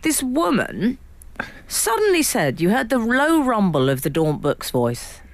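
An English woman co-hosting a casual radio chat, telling an animated story and acting out the people in it. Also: fairly high pitch, measured pace, dry recording. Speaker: radio show co-host.

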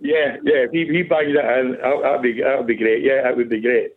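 A man calling a football phone-in, tired and a bit out of breath, calm and dismissive of rivals. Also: medium pitch, a little fast, a little hiss or hum. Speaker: caller, Celtic fan. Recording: tinny phone line.

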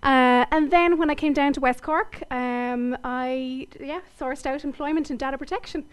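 A woman's voice: sits high, fairly even intonation, normal speed. An Irish woman interviewed on the radio about her tech company, upbeat and confident. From Ireland. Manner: upbeat, confident business talk.

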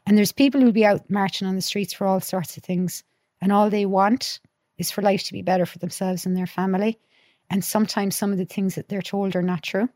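A woman's voice: medium pitch, fairly even intonation, a little fast, a little mellow, no echo, studio quality. A middle-aged woman, a podcast guest, chatting earnestly and telling stories with many restarts. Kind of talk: casual conversation.

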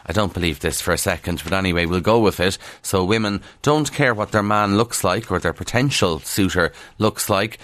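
Wry deep-voiced Kildare Irish man. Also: a bit bright, no room sound. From Kildare, Ireland. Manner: wry, chatty, skeptical asides. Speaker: radio newspaper review presenter. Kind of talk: casual radio news review.

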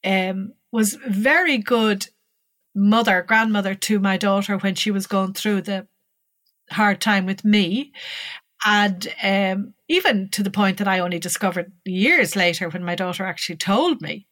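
A woman's voice: medium pitch, a little slow, no echo. Older Irish woman telling her story. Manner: animated, lively when recalling dialogue. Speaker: interviewee. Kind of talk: personal storytelling.

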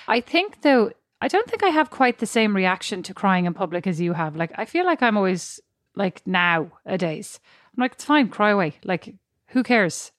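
A woman co-hosting a casual chat podcast, a parent who talks in quick stories and acts out what people say. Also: medium pitch, no room sound, clean studio sound. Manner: chatty, animated storytelling with acted-out quotes. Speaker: podcast co-host.

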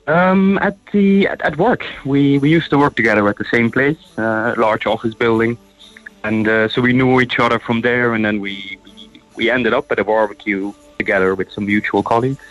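Friendly Dutch caller, agreeable. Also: male voice, mid-range voice, normal speed, fairly bright tone, rough recording. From Netherlands. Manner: friendly, repeats words, agreeable. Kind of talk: casual phone-in chat. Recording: faint music behind the call.

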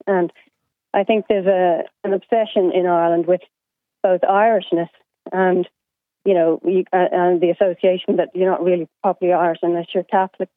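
A woman's voice: fairly low pitch, level tone, moderate pace, no echo. A woman calling into a radio show, sharing her view hesitantly and searching for words. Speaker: caller. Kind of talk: radio call-in opinion. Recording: tinny phone line.

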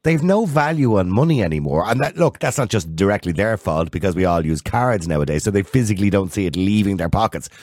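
Deep-voiced, fast-talking Irish radio host. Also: male voice, expressive, a little mellow, no room sound, clean studio sound. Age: 60s. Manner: blunt, opinionated, quick to jump in. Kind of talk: casual radio phone-in chat.

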